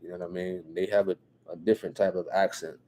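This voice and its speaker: Male host, New Jersey accent, deep and dark-toned, relaxed live-stream chatter. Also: fast. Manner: relaxed, repeats phrases, frequent "you know what I'm saying", chuckles often. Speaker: livestream host reading viewer comments. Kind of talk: casual live-stream chat.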